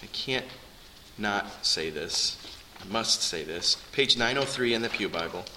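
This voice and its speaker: A man's voice: fairly low pitch, lively intonation, a little slow, background noise. A man preaching a sermon to his congregation in an earnest, conversational way. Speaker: pastor.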